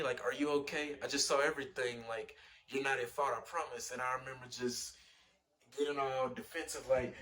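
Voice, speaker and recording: A young man telling a personal story in a casual vlog, animated, with lots of fillers and acted-out quotes. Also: mid-range voice, moderate pace, far from the mic. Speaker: vlogger.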